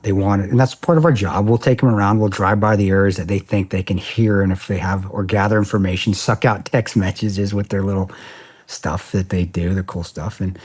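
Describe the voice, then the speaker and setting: Speaking in a low-pitched, husky voice, this man recounts war stories as a podcast guest in a casual interview. He's a former security contractor, and his telling is blunt, profane and animated, complete with quoted dialogue.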